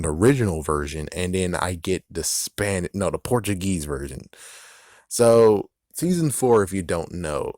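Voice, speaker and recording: A man with a lowish voice rambles through a casual rant straight to camera, swearing often and breaking into laughs. The sound is dry and close, with no room echo. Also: darkish tone. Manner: rambling, swears freely, laughs, acts out quotes. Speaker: video creator.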